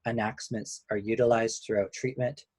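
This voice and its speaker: A man who is a couples therapist, giving a measured, explanatory webinar lecture and slowing down on key points. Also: medium pitch, little pitch movement, a little mellow, no echo.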